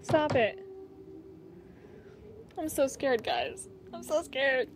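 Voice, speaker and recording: A woman's voice: sits high, slow, background noise. A young woman playing a horror game with commentary, jumpy, exclamatory and talkative. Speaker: gamer.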